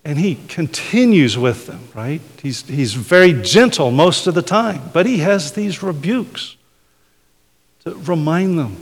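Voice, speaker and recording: Gravelly-voiced man preaching. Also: on the high side, lively intonation, a little slow. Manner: conversational, tags points with "right?". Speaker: pastor. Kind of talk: sermon. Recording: hall reverb.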